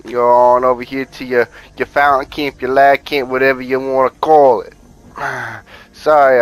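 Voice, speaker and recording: Male gaming host, casual profane tutorial voice-over, street-slang step-by-step coaching, mid-pitched voice. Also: steady tone, measured pace, fairly bright tone, low-quality recording. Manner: laid-back, profane, repeats "bada bing, bada boom".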